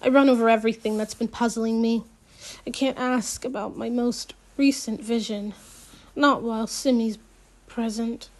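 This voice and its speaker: A woman narrating a first-person novel as an audiobook, reading in a slow, measured way. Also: a little high, fairly even intonation.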